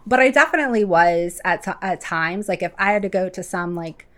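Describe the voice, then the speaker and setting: A woman guest on a recovery podcast, talking candidly in casual chat and quick to agree. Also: on the low side, expressive.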